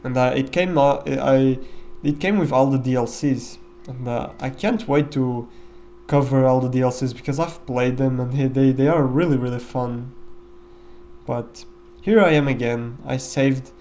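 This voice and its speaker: A man's voice: mid-range voice, unhurried, mellow, muffled recording. A man giving casual, rambling commentary over a game run, with many fillers and restarts. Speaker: gameplay commentator.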